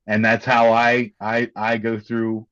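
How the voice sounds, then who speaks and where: Male podcast guest, mid-pitched, earnest and halting, muffled dry recording. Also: completely flat delivery, fairly bright tone. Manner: earnest, halting, repeats words. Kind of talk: candid conversation.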